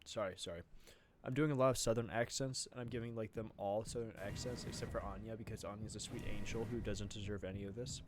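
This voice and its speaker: A man's voice: fairly low pitch, steady tone, quick pace, slight background noise. A young man streaming live, reacting aloud and chatting as he plays a narrative game.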